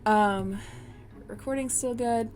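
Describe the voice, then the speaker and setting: A woman's voice: fairly high pitch, takes it slowly, darkish tone. A woman narrating a tabletop game as game master, often laughing as she talks. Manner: giggly, bursts of laughter.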